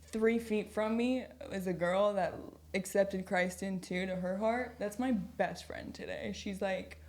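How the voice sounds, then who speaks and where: A woman's voice: medium pitch, steady tone, unhurried, a little mellow. Chatty young woman sharing her testimony. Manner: chatty, filler-heavy with frequent "like"; laughs easily mid-story. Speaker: podcast guest. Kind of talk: casual testimony storytelling.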